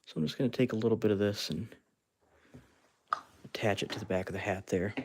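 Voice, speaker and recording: A man's voice: fairly low pitch, fast, noisy background. A man hosting a casual live stream, chatting and laughing as he works with his hands and talks to viewers. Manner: chatty, laughs often, narrates while working with his hands; talks to fans and reads out chat. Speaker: live-stream host sculpting with clay.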